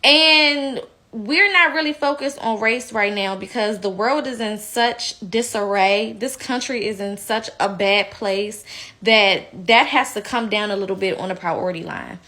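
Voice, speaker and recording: A woman's voice: medium pitch, a little slow, pushed and bright. A woman giving heated, blunt opinion commentary, indignant and outspoken. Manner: slips into mocking impressions.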